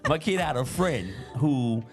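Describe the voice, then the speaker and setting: A man's voice: medium pitch, unhurried, over loud music. A man in his fifties with a Southern US accent, co-hosting a casual podcast and telling stories with lots of feeling. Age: 50s. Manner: animated storyteller who acts out the people he quotes. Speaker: podcast co-host.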